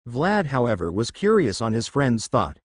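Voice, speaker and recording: A man's voice: mid-range voice, big pitch swings, normal speed, no room sound, clean studio sound. A man narrating a fan fiction story and reading every character's lines himself.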